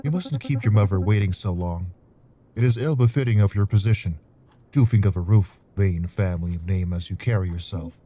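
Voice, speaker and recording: A man's voice: fairly low pitch, a little fast, warm tone, faint music behind, natural voice. A man reading the lines of a stern aristocratic mother who scolds her son in formal speech. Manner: formal, chiding.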